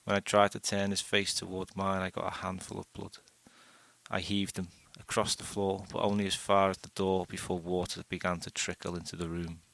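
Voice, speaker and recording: A man reading a first-person short story aloud in a steady, unhurried way. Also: deep voice, vocal fry, no room sound. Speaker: audiobook narrator.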